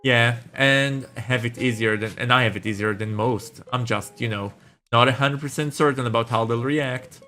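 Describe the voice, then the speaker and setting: An anxious young college guy, as a male gamer reads him, fretting and overthinking in a plain, mid-pitched man's voice. Faint music plays under him. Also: normal speed, pushed and bright, close to an everyday voice. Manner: nervous, overthinking.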